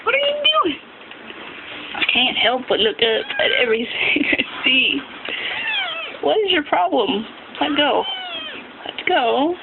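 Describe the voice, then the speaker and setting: High, lively woman cooing at kittens. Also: a little slow, vocal fry, narrow, tinny audio, noisy background. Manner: cooing baby talk to kittens, giggly. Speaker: pet owner filming her kittens. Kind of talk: casual home video. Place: home room with kittens.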